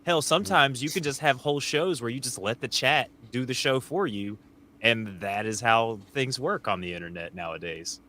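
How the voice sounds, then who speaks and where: A man's voice: mid-range voice, normal speed, pushed and bright. A man guesting on a casual podcast, full of crude jokes and playful riffs. He talks in loose, rambling banter. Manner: jokey, crude, playful riffing. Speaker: guest co-host.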